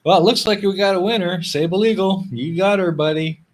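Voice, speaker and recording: Relaxed male live-stream host. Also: sits high, brisk. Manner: relaxed and chatty, laughs along. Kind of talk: casual live-stream chat.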